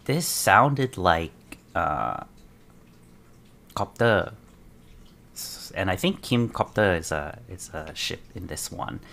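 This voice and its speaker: A man reacting to a trailer as an excited fan, muttering asides and breaking into dramatic outbursts. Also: low-pitched, slow pace, vocal fry, long pauses. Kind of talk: casual reaction commentary.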